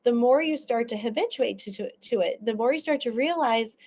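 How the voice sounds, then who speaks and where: A woman's voice: on the high side, fairly quick, muffled recording. A woman audiologist giving an educational seminar, telling stories and acting out little quotes as she explains. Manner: animated storytelling with acted-out quotes.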